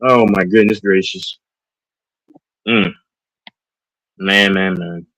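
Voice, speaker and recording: On a low-quality recording, a man from Texas with a low, steady, slightly bright voice speaks slowly. He's hosting a live stream while on a sugar rush, his casual talk hyper, rambling and full of fillers.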